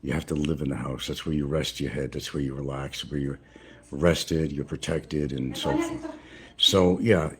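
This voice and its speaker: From his home in the central Philippines, an older man from the United States chats on a livestream, rambling, chuckling and answering comments from chat. His bass voice is fairly even in intonation and moderately paced.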